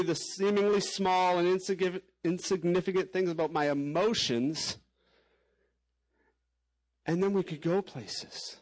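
A man's voice: high-pitched, rough recording. A man preaching a sermon as a pastor, candid and conversational, with frequent casual fillers.

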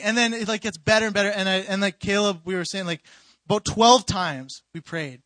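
A young man telling a story in an informal sermon, animated and rambling, with many restarts and fillers. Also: high-pitched, a little fast, no echo. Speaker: youth preacher.

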